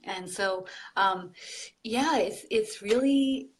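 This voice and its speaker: A woman hosting a live online group, relaying channeled messages slowly and softly. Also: mid-range voice, a little hiss or hum. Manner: slow, soft, relaying spirit messages. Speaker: psychic medium, group host.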